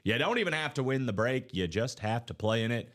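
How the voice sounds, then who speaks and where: A man's voice: mid-range voice, lively intonation, a bit bright. Hyped man hosting a live break. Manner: rapid listing, hyped and chatty. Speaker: live sports card break host. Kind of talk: live-stream sales patter.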